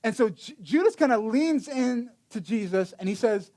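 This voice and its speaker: A man's voice: very high voice, expressive, moderate pace, few pauses, darkish tone. A man preaching a sermon in a casual storytelling way, acting out the quotes with many restarts. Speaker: pastor.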